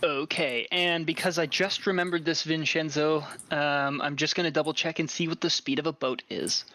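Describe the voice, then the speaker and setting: Bright-voiced male dungeon master. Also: on the high side, steady tone. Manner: casual, halting, with restarts while reading rules. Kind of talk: running a tabletop game, reading rules aloud.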